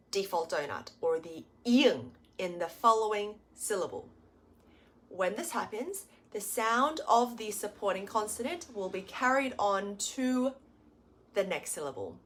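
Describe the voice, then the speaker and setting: A woman teaching a pronunciation lesson, explaining patiently and sounding out model words slowly and clearly. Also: medium pitch. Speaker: Korean language teacher.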